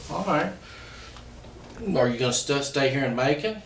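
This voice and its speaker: A man with a Southern US accent, a police detective asking calm, short questions in an interview. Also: mid-range voice, moderate pace. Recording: echoey room, distant mic, faint hiss.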